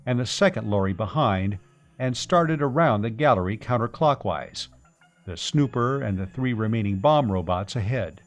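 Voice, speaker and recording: Man narrating a science fiction audiobook. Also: fairly low pitch.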